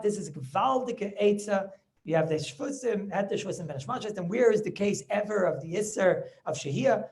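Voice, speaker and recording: A rabbi in rapid flow, delivering a Talmud class over a video call. He talks quickly, doubles back on his words, and keeps pressing his listeners with quick questions to see if they follow. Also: high voice. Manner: repeats words and restarts as he goes. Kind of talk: Talmud lecture.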